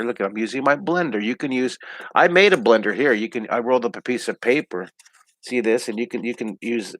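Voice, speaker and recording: A man's voice: medium pitch, no room sound. A cheerful middle-aged man teaching drawing live from home. He chats freely and talks through every stroke in a mid-range voice. The sound is dry and close. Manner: upbeat, chatty, talks through each pencil stroke. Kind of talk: live online drawing lesson.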